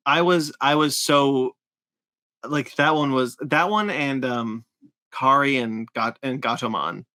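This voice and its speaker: Podcast co-host, male, mid-pitched, earnest and halting, dry close-mic sound. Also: no room sound. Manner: earnest, stumbles and restarts when excited. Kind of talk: casual chat.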